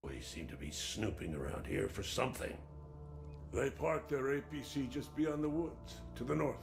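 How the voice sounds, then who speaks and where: An actor playing an old man villager in a game, giving slow, measured directions with a gravelly voice. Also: medium pitch, over music, close to an everyday voice. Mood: guiding. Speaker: game character.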